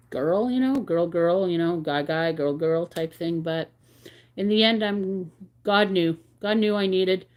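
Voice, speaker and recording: A woman hosts a crochet livestream, speaking at medium pitch with a darkish tone. She chats candidly with viewers, rambling a bit as she reflects and reads out their comments.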